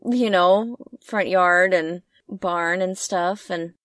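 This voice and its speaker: A young woman tells a travel story from the close, dead quiet of a camper van. She is chatty and excitable, piling on fillers and leaping into a high voice whenever she acts out what she said. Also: takes it slowly, dry recording. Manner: animated, lots of fillers, jumps high when quoting herself. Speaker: travel vlogger. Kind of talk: casual storytelling chat. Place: inside a parked camper van.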